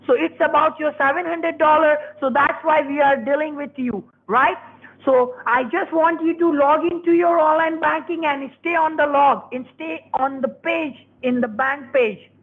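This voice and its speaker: A man's voice: extremely high pitch, fairly even intonation, normal speed. A man on a scam phone call, speaking broken English and pushing hard, then coaxing. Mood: pushy. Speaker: scam caller.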